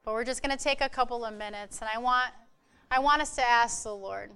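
A woman giving an informal church message, earnest and conversational, telling personal stories with fillers and soft laughs. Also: fairly high pitch, a little fast, clean tone.

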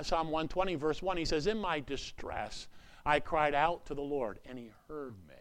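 A man preaching a sermon in an earnest, repetitive way, swinging between loud urgent lines and hushed asides. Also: on the high side. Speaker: pastor.

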